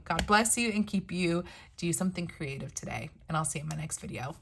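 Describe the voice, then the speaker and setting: A woman's voice: on the low side, fairly quick, vocal fry. A woman reviewing planners in a chatty, upbeat vlog, talking to viewers like friends. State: losing her voice. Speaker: planner vlogger. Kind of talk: casual product review.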